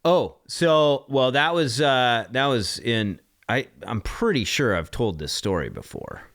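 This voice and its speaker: A man's voice: medium pitch, very animated, fairly bright tone, dry recording, studio quality. A man, a podcast co-host, chatting casually and cracking jokes. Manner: joking, quick reactions and laughs. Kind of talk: casual chat.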